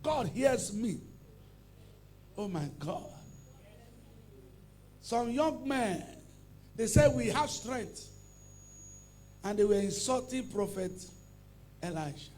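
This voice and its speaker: High-voiced man preaching with fire. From Nigeria. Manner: swings from loud fiery prayer chants to low murmured teaching; repeats commands in long chant with tongues. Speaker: pastor. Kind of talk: sermon.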